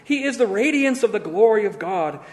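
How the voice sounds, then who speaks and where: High-voiced man teaching scripture in a hall. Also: lively intonation, normal speed. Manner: reads scripture aloud and quizzes listeners. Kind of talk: Bible lesson. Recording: long hall reverb.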